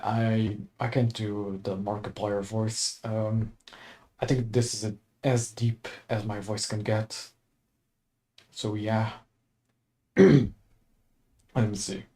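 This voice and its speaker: A young man streams a game with relaxed, rambling commentary. His voice is mellow and warm, at an ordinary pitch. He takes his time, drifting from thought to thought with easy laughs. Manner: laid-back, chatty, chuckles often. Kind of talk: casual let's-play commentary.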